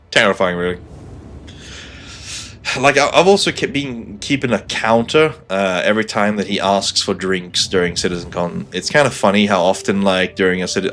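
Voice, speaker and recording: Low-voiced joking male streamer. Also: a bit bright, a little hiss or hum. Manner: joking, laughs often, sarcastic asides. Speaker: game streamer. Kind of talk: casual live-stream chat.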